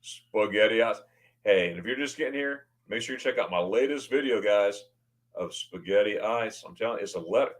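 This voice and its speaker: A brisk, lowish-voiced American man hosts a casual livestream, greeting people by name and reading their comments aloud. His excitement shows in frequent stammering and restarted words.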